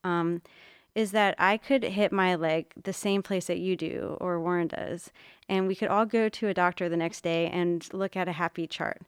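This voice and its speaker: A middle-aged woman telling a story with lively, animated delivery, jumping up in pitch whenever she quotes someone. Her voice is smooth and clear, and the recording is dry and close. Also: moderate pace, no room sound. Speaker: art teacher and mother. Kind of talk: casual storytelling chat.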